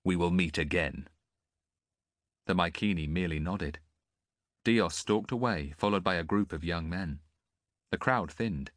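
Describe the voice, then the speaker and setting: A man narrating an audiobook in an expressive, varied way. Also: low voice, normal speed, dry recording, clean studio sound.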